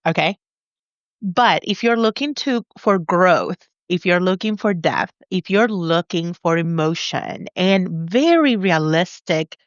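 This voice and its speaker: A woman author being interviewed in a casual chat, talking in an animated, confident way and laughing often. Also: medium pitch, no echo. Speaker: author guest. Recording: dull lo-fi dry sound.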